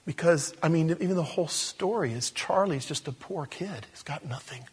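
Man, pastor, sermon, husky, emotional storytelling. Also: fairly high pitch, moderate pace. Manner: animated storytelling, whispers and laughs, prayerful close.

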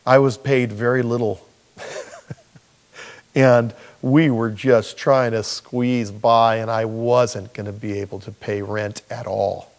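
A man preaching as a pastor, telling personal stories in an animated way. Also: mid-range voice, slow. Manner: animated storyteller. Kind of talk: sermon with personal storytelling.

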